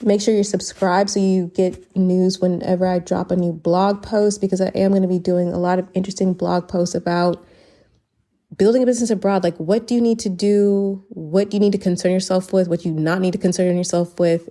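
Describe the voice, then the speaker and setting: A woman's voice: lowish voice, little pitch movement, brisk, mellow. A woman hosting her own solo podcast, speaking earnestly and gratefully, laughing between sentences and a little choked up. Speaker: podcast host. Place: lives abroad, based in Barcelona.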